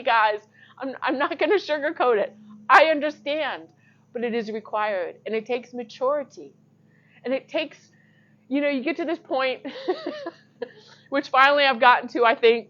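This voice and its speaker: A woman's voice: sits high, measured pace, fairly bright tone, muffled recording. A woman giving an informal, earnest sermon to camera, emphatic and laughing often. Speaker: Christian teacher.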